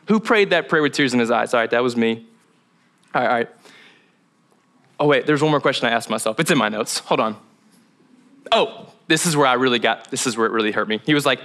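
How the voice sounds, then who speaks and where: A man's voice: mid-range voice, lively intonation, a little fast, fairly bright tone. A young man preaching as a pastor, telling a funny, self-mocking story from his week, acting out his own inner dialogue with laughs along the way. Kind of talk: sermon. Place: church.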